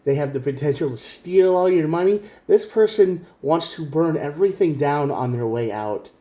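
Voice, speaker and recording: A man's voice: fairly high pitch, normal speed, mellow, roomy sound. A man giving a casual spoken tarot reading, earnest and direct, often repeating himself. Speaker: tarot reader.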